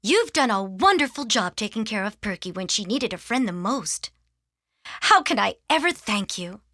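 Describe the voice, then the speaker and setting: A woman voicing a fussy, doting lady dog owner in a storybook, fretful and gentle. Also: mid-range voice, big pitch swings, normal speed, dry recording, clean studio sound.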